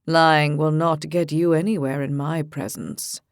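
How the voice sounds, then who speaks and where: Woman reading as a solemn ancient oracle, low voice, slow grave delivery, dry close sound. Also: fairly even intonation, dry recording. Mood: stern.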